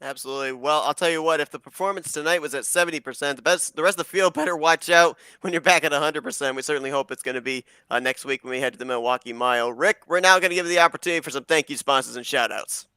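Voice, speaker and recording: Bright, polished male race commentator. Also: fairly high pitch, rapid-fire, few pauses, clear, resonant tone, no room sound. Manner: polished, upbeat broadcaster delivery. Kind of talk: play-by-play commentary.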